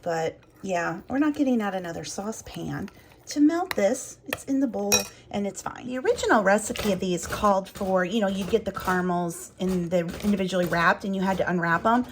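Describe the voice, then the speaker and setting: A woman's voice: medium pitch, fairly quick, background noise. A woman vlogging casually from her home kitchen, rambling and thinking aloud as she talks. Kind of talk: casual home vlog chat.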